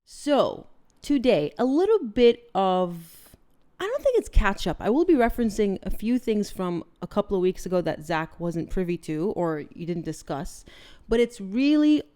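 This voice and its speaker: A young woman co-hosting a podcast in casual chat, talkative and quick to laugh. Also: mid-range voice, very animated, warm tone. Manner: chatty, laughs often. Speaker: podcast co-host.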